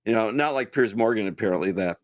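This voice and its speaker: A man co-hosting a podcast, telling stories in relaxed casual chat and acting out the quotes. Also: fairly low pitch, fast talker, no room sound. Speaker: podcast co-host.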